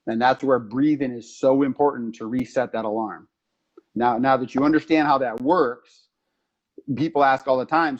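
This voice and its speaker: Man, podcast co-host, casual explanatory talk, animated storytelling, slightly muffled recording. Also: medium pitch, normal speed. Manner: animated storytelling with acted-out quotes.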